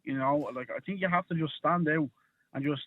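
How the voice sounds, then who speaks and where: A man calls in to a radio show and rambles, full of fillers. His voice sits a little high and comes through a tinny phone line. It has a dry, close sound. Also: a little fast, no room sound. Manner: rambling, fills with "like" and "you know". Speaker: caller. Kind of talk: phone-in call.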